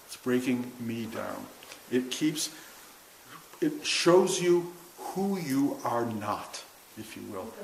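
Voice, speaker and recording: An older man telling a long personal story to a group, self-mocking, acting out what people said in a raised voice. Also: mid-range voice. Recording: roomy room with faint hiss.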